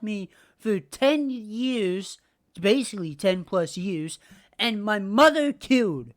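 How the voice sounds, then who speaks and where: A woman hosting a casual podcast rant. She talks slowly, at a mid pitch, repeating herself and swearing freely. Her tone is heated and opinionated throughout. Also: expressive. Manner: heated, profane, repetitive. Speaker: podcast host.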